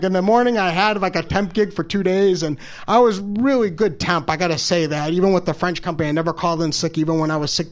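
A man telling a personal story, halting and stammering, openly emotional and self-deprecating. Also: high-pitched. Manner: halting, stammers and repeats words. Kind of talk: personal story told live.

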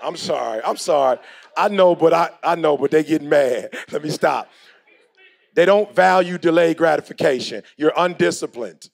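A man's voice: on the high side, normal speed, creaky. A middle-aged man giving a motivational speech in a preachy, slangy way, acting out the people he quotes. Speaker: motivational speaker.

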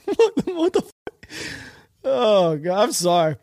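A man's voice: sits high, wildly swooping pitch, slow pace, creaky, a little mellow. Sarcastic man hosting a podcast. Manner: sarcastic, mocking, laughs often. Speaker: podcast host. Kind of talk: casual commentary.

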